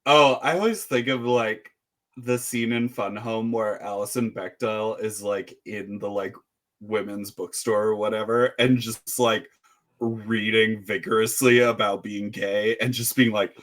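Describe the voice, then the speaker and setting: A man co-hosting a podcast in relaxed casual chat, rambling with plenty of filler words. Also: on the low side, a little slow. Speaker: podcast co-host.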